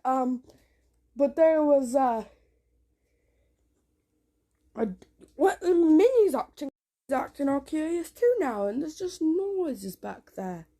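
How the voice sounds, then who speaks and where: A woman vlogging from a dark room at home, rambling with frequent restarts, jumpy and swearing often. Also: high voice, lively intonation, slow. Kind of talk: casual home vlog.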